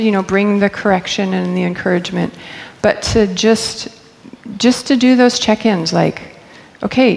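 A woman's voice: mid-range voice, gravelly, a little mellow. A middle-aged woman on church staff telling personal stories in a candid, chatty way, laughing often. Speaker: church staff member speaking. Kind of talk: personal storytelling talk. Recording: long hall reverb.

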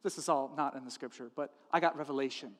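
A man's voice: medium pitch, fast talker, in a large hall, background noise. A man preaching a sermon, telling a story with humor and acting out its characters. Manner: animated, acts out characters with funny voices. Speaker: pastor.

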